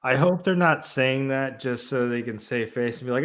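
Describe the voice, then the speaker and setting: A man hosting a casual podcast chat, excitable, laughing often and swearing casually. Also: mid-range voice, moderate pace. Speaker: podcast host.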